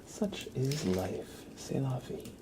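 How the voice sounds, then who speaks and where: Slow, gravelly-voiced man in soft ASMR chat. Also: medium pitch, sing-song, very noisy. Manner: half-whispered, cooing fondly to his pet. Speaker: ASMR livestream host. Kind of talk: soft-spoken ASMR live stream chat.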